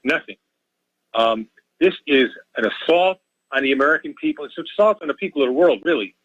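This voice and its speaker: A man's voice: a little high, animated, a little fast, a bit bright, no room sound. Agitated male caller on a dull phone line. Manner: pleading, repetitive, emotional. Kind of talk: impassioned call-in rant. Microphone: telephone.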